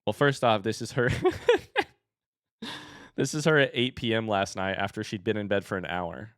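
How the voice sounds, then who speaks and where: A man in his thirties chatting casually with his live-stream audience in an animated way. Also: fairly low pitch, normal speed, no echo, studio quality. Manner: chatty and animated, baby-talks his dogs.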